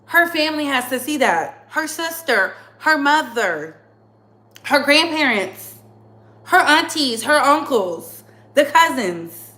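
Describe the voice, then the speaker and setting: A woman running her own commentary channel gives a heated monologue, blunt and emphatic, repeating phrases for effect. Her voice is high-pitched and sing-song, slow, bright, and forceful.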